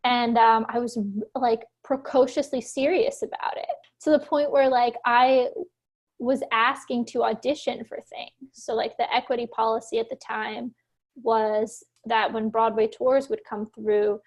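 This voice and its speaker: A high-pitched woman from Philadelphia talks as a guest in a casual interview. She rambles quickly and animatedly, sprinkling "like" everywhere and laughing often. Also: fairly even intonation. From Philadelphia, USA. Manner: chatty, fast, many "like" fillers, laughs often. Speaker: actor and producer guest.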